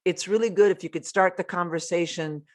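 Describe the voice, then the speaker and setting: A woman's voice: lowish voice, steady tone, a little fast. Female self-help host: earnest and blunt, coaches listeners, swears offhand. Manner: earnest, frank, swears casually. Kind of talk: motivational self-help talk.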